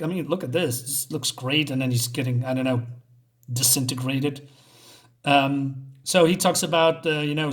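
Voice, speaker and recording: A man talks through a comic issue in a loose, unscripted way, reading lines aloud and then tearing into them bluntly, with plenty of swearing. His voice sits a little high for a man. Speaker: comic book reviewer. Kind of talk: casual spoken review.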